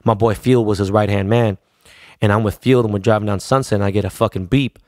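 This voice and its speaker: A man's voice: on the low side, steady tone, fast talker, a little mellow, no echo, clean studio sound. A middle-aged man from Los Angeles, a DJ, telling a story in a loose, profane, slang-heavy way. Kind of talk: casual storytelling.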